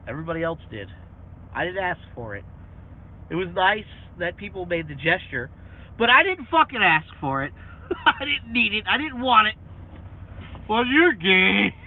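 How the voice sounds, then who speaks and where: Guy with a pretty high voice ranting and cussing at haters, tinny phone-line sound, bit of hiss. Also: very animated, moderate pace. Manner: swears freely, mocks critics with sing-song voices. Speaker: truck driver vlogger. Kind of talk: casual profane rant to camera.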